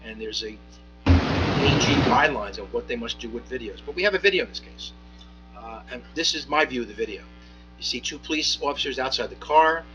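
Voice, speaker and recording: A man, a municipal judge, speaking from the bench in a courtroom, giving a measured ruling with frequent pauses, fillers and restarts. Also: mid-range voice, animated, muffled recording, music in the background.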